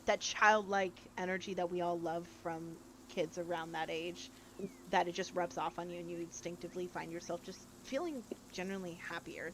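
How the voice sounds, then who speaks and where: A woman's voice: lowish voice, fairly bright tone, a little hiss or hum. A woman narrating as game master of a tabletop game in a chatty, rambling way.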